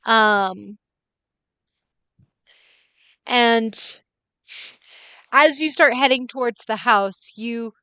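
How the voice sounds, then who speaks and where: Clear-voiced woman game master. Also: fairly high pitch, very slow, long pauses, no room sound. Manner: giggly, relaxed narration. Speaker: dungeon master. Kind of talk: narrating a tabletop game. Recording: dull, muffled stream audio.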